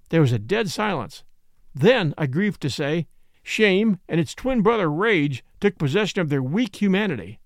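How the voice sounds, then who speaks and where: A man reads a classic Western story aloud in an expressive, dramatic way. His voice sits high and moves a lot in pitch. The recording is close and dry. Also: normal speed, no room sound. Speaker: narrator.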